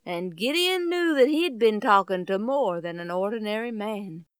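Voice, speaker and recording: Animated woman telling a Bible story. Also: mid-range voice, moderate pace, smooth, no echo. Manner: animated, exclamatory, folksy.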